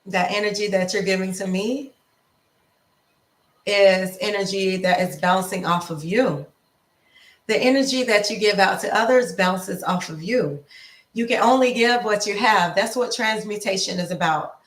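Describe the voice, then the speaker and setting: A woman life coach giving a casual motivational talk, slow and repetitive in an affirming way. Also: medium pitch, roomy sound, distant mic. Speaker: lifestyle coach.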